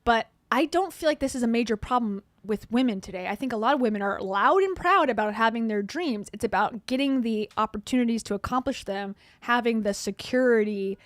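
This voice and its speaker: A millennial woman from the Midwest giving sarcastic commentary, reading posts aloud with deadpan asides. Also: a little high, fairly quick, few pauses, no echo, clean studio sound. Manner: snarky, deadpan asides with sudden laughs. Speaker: commentary streamer.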